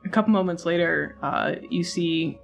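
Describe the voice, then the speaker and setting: A woman running a tabletop game, narrating scenes in a relaxed, chatty way with lots of fillers. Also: on the low side, moderate pace, gravelly, dull audio, faint music behind. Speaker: game master.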